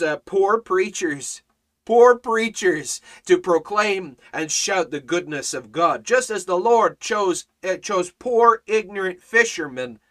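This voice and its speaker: A man teaching a Bible study in an impassioned sermon style, building to near-shouting on key points. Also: high-pitched.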